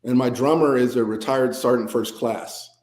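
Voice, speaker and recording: A veteran appearing as a guest musician tells stories in a casual interview, laid-back, rambling, and self-deprecating, with many fillers. His mid-range voice is a little mellow, with fairly even intonation and a moderate pace. The recording has a roomy echo and slight background noise.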